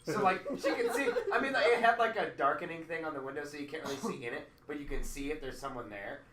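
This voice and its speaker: A man's voice: fairly high pitch, animated, quick pace. Young man, laid-back chat, echoey room, distant mic. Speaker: podcast co-host. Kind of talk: casual chat. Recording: roomy, distant mic with chatter.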